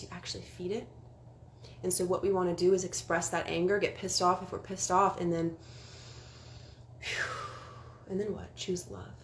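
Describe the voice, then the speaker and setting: Speaking into a phone on a livestream, a young spiritual life coach chats casually and earnestly, now and then lowering to a whisper to stress a point. Her voice is on the low side, and there's a little hiss or hum.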